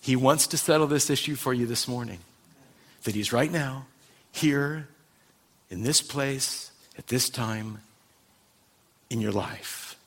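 A male pastor preaching a sermon, swinging from loud emphasis to hushed intensity. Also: mid-range voice, takes it slowly, long pauses, breathy edge.

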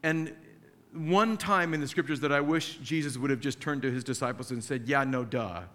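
A man's voice: fairly high pitch, moderate pace, a bit bright, in a large hall. A male pastor delivering a sermon in a conversational way, acting out the scripture passages he quotes.

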